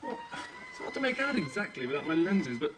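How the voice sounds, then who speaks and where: A fussy neighbour. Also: male voice, sits high, huge pitch swings, a little fast. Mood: dramatic. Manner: dramatic, then mumbling and evasive. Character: fussy, sheepish neighbour, middle-aged man. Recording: sitcom recording, heavy background noise.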